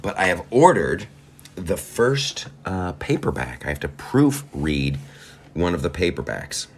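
A man's voice: low voice, big pitch swings, unhurried, a little hiss or hum. A man hosting a podcast, delivering a profane, sarcastic comedic rant with laughing asides. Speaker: podcast host. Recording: faint guitar music behind.

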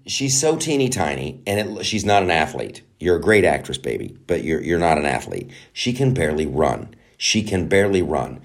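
A man hosting a comedy podcast, ranting mockingly through a show recap and popping into quick put-on voices. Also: low voice, gravelly. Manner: animated, mocking, does quick character voices. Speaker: podcast host.

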